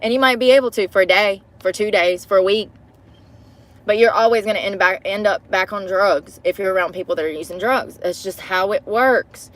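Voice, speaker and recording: A woman's voice: mid-range voice, fairly quick, fairly bright tone. A woman vlogging to a phone camera from inside her parked car, chatty and profane, breaking into laughter often. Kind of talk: casual chat to camera.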